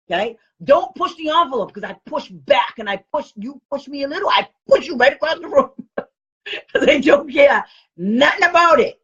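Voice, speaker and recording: A woman giving a blunt, animated training talk to parents as a special education advocate. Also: high-pitched. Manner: animated, blunt and combative, with quoted comebacks. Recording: dull lo-fi recording.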